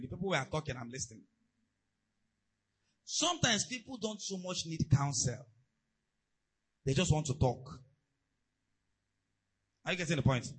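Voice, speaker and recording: Animated husky preacher man. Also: on the high side, poor audio. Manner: animated preaching with stories and asides. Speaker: pastor. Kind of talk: sermon.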